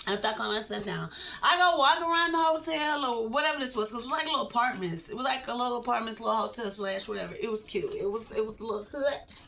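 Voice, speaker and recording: Bright high-voiced Texan woman vlogging. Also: gravelly, a little hiss or hum. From Texas, USA. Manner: animated, chatty, laughs often, addresses viewers directly. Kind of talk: casual storytime.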